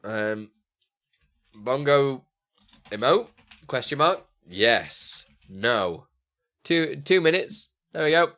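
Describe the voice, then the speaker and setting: Rambling streamer, bright lively voice. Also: male voice, medium pitch, slow, pauses often. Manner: rambling, thinking aloud, answering chat. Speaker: live streamer. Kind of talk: casual live-stream chat.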